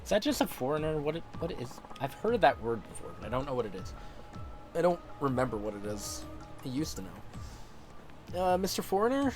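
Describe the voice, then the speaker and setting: A man's voice: medium pitch, very animated, moderate pace, pauses often, soft background music. Man mumbling through game commentary. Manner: mumbly, thinking aloud. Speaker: streamer. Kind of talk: casual gameplay commentary.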